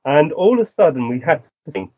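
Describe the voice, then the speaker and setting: A man's voice: a little high, sing-song, fairly quick, darkish tone, breathy edge, no room sound. A man telling a personal story as a guest, acting out the lines of people he quotes. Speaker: guest medium. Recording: dull lo-fi dry recording.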